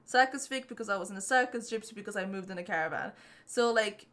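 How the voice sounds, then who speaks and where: Bright-voiced, animated young woman. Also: mid-range voice, fast talker. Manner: animated storyteller, swears casually. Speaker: podcast guest. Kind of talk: casual podcast chat.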